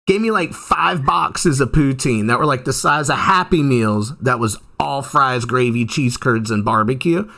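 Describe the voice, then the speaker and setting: A man's voice: medium pitch, moderate pace, bright, forceful tone. A man with a Southern US accent hosting a casual chat show, telling stories animatedly and laughing often. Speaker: show host.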